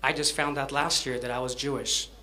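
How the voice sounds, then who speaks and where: A man's voice: medium pitch, steady tone, fairly quick, bright, forceful tone. A man, a rabbi, telling a story and welcoming a guest at a fundraiser event. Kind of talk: speech to an event audience.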